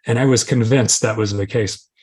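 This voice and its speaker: Middle-aged guy sharing his recovery story, kinda husky, honest and self-mocking. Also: fairly low pitch, fairly even intonation, moderate pace, darkish tone. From Arizona, USA. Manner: candid, self-deprecating, acts out his inner voices. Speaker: recovery speaker. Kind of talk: personal recovery share.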